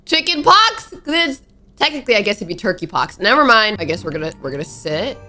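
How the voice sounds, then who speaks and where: A young woman narrating a horror game as she plays, excitable and talking to the characters on screen. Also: mid-range voice, brisk, soft background music. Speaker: gaming YouTuber. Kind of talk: let's play commentary.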